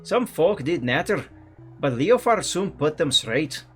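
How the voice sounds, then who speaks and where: A man's voice: on the high side, big pitch swings, measured pace, faint music behind. A man putting on a Scottish accent to voice a chatty, kindly villager. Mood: friendly. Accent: put-on Scottish. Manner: warm, chatty, folksy. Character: kindly villager who fusses over a young witch.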